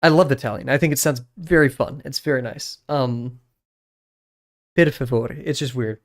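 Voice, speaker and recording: A man's voice: mid-range voice, fairly quick. A young man, chatting casually on a live stream while he draws, rambling with many fillers and restarts.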